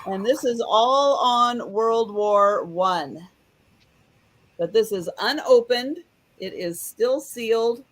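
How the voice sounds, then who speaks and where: A woman with a slightly high voice talks slowly through an item she is selling, describing it plainly and without hurry. Her tone stays casual and steady. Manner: unhurried, matter-of-fact describing items. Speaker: seller. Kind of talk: casual sales pitch.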